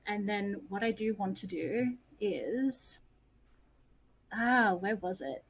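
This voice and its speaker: A woman player chats through her character's moves in a self-deprecating way. Her voice sits at a middle pitch. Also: slow, breathy edge, poor audio. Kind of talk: tabletop game play.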